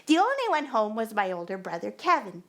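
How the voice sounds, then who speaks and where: A woman's voice: fairly high pitch, wildly swooping pitch, a little fast, fairly bright tone. A woman telling a first-person story at a live performance, narrating expressively and acting out the dialogue. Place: performance venue.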